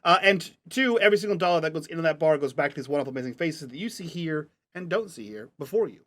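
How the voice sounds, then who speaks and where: A man's voice: fairly high pitch, animated, fairly bright tone. A man running a tabletop role-playing game, narrating scenes and chatting playfully with his players. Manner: playful, chatty, halting when improvising. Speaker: game master.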